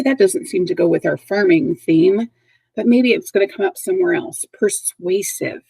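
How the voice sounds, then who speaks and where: A woman's voice: medium pitch, gravelly, dark tone, slightly rough, no room sound, rough recording. A woman teaching a recorded vocabulary lesson to young kids, patient and repetitive, checking in often. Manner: patient, repeats words and checks in with okay. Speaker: third grade teacher.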